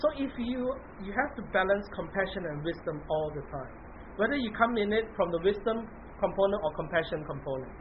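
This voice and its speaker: A man with a high voice teaches Buddhist practice in an easygoing, conversational way, checking in with his listeners and circling back over his words. The sound is thin and phone-like, with a faint hiss underneath. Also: expressive, brisk. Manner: conversational, often checks in with "right?". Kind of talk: dharma talk to a group.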